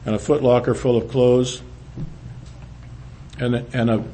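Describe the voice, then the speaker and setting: Brief: older man sharing his testimony, halting and plain, mid-range voice. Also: level tone, a little hiss or hum. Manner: halting storytelling, frequent restarts, drops low and quiet. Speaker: speaker giving testimony. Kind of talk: personal testimony to a church.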